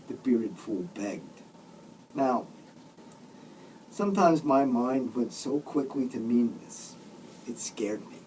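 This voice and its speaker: A man's voice: mid-range voice, expressive, slow pace, pauses often, darkish tone, distant mic, a little hiss or hum, low-quality recording. Sardonic man reading his comic novel. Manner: sardonic, grumbling, with mock outbursts.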